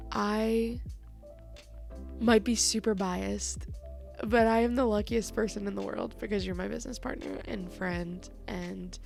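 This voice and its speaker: Teary woman with a gravelly voice. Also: medium pitch, a little mellow. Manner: emotional, laughing through tears, casual swearing. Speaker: co-host. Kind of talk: heartfelt message to a friend.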